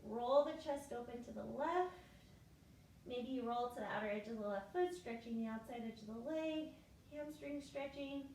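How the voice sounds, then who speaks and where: A woman leading a yoga class, giving calm step-by-step cues on each breath, a little out of breath. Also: fairly high pitch, normal speed, a little hiss or hum. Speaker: yoga teacher. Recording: echoey room, mic far off.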